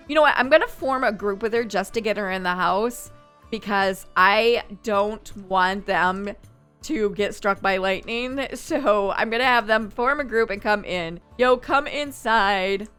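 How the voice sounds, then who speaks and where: A woman's voice: mid-range voice, unhurried, fairly bright tone, smooth, faint music behind. A woman hosting a gaming channel, chatting and thinking aloud as she plays. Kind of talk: casual Let's Play commentary.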